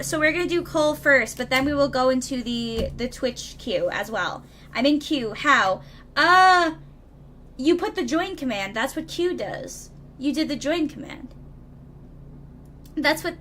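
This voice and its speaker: A young woman chats on a live stream in a high, bright voice, rambling through her thoughts with plenty of "like" and "um." Faint noise sits in the background. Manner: rambling, filler-heavy, chatty with viewers. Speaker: streamer doing tarot readings. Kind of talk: casual live-stream chat. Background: lawn mower noise outside.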